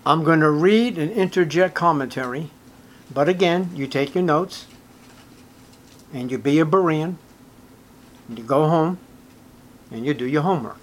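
A man's voice: fairly high pitch, normal speed, pauses often. Older man preaching with fervor. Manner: preaching with rising emotional intensity, reading scripture aloud. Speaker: pastor. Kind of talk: sermon.

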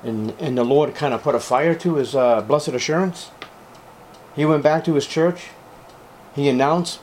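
A man preaching a sermon as a pastor to his congregation, fervent and emphatic, with sudden loud, high rises on key words. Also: normal speed, slight background noise.

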